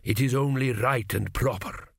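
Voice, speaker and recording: A man voicing a grave, commanding old high priest. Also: normal speed, creaky, a bit bright, breathy edge, no room sound. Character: stern aged male high priest, cold.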